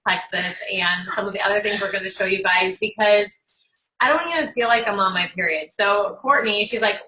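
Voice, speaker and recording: A woman's voice: medium pitch, moderate pace, bright, forceful tone, poor audio. A woman in casual chat on a live call, recommending products and acting out quoted talk. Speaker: product presenter.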